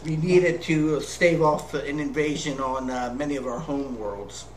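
A man playing a tabletop game in character, wry and deadpan. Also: on the high side, measured pace, a little hiss or hum. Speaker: player. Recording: roomy echo.

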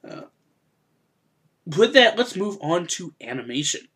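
Chatty, laughing podcast host, fairly high voice. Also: male voice, sing-song, a little slow, husky. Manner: chatty, laughs often, bursts into loud impressions. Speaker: podcast host reviewing an anime. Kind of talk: casual podcast review.

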